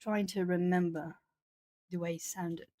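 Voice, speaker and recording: A woman's voice: fairly low pitch, steady tone, measured pace, mellow, no room sound. A woman from southern Brazil, a native Portuguese speaker, chatting casually on an art livestream, rambling with plenty of fillers. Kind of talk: casual chat with live chat.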